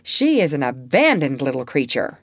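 A woman's voice: on the low side, sing-song, slow, no room sound. A woman reading the part of a prim, motherly young girl who speaks formally and properly.

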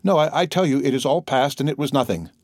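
A man voicing a timid, gentle young woman who speaks softly and anxiously in an audiobook reading. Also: medium pitch, fast talker, dry recording, studio quality, pitched above the performer's own voice, lightly acted.

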